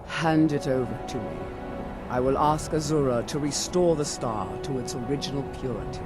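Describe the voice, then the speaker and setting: A man's voice: medium pitch, normal speed, natural voice. A man voicing a devout priest who serves a goddess in a game, speaking in a reverent, formal way. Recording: game audio with loud music.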